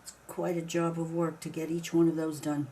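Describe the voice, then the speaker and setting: A woman's voice: deep voice, flat delivery, moderate pace, mellow, slight background noise. A woman casually talking herself through a craft project step by step, now and then grumbling mildly at the work. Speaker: craft video maker. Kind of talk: casual narration while crafting.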